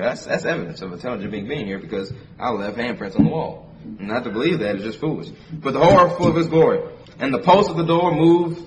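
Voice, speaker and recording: A man preaching a sermon who reads scripture aloud and explains it conversationally, repeating phrases for emphasis. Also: medium pitch. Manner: reads scripture in King James wording, then explains it conversationally. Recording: distant mic with faint background noise.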